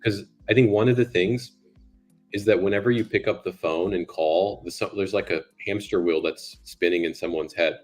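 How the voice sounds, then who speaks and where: Deep and fairly even in intonation, his voice moves at a normal speed over faint background music. He's a guest in an interview about sales, chatting casually and using lots of filler words.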